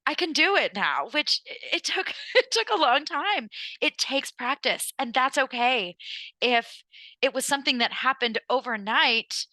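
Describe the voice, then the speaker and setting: A woman's voice: a little high, pushed and bright, no echo, low-quality recording. A young adult woman hosting a podcast, talking candidly in a casual, profane style full of "like" fillers. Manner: casual, swears freely, lots of "like" fillers. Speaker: podcast host. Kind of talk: candid personal podcast monologue.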